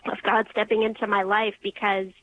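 A woman's voice: medium pitch, flat delivery. Earnest young woman calling in. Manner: earnest, halting, restarts when moved. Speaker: caller. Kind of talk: emotional personal testimony. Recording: muffled phone line.

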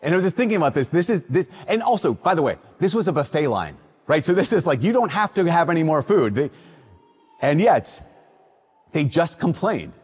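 A man's voice: on the high side, big pitch swings, brisk, darkish tone, husky. A man from Minnesota reading the Gospel and then preaching a conversational sermon as a priest. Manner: conversational, acts out quoted voices. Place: church. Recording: long reverb of a large church.

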